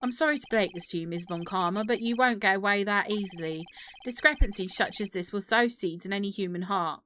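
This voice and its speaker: A woman's voice: medium pitch, brisk, bright, forceful tone, a little hiss or hum, close to an everyday voice. A woman voicing a determined young male defense lawyer in a game, questioning pointedly. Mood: confident.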